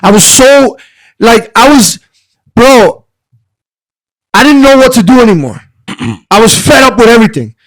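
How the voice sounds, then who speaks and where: Man, pitched high, cursing, fired up, dry studio sound. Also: measured pace, long pauses, no room sound, rough recording. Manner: profane, animated, heated. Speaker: podcast guest, wrestler. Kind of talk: casual storytelling.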